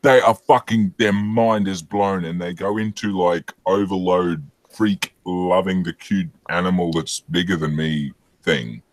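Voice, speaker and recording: A man's voice: sits low, measured pace, few pauses. A man, chatting casually as a guest, blunt and swearing freely. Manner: blunt, swears often, animated storytelling. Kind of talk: casual chat.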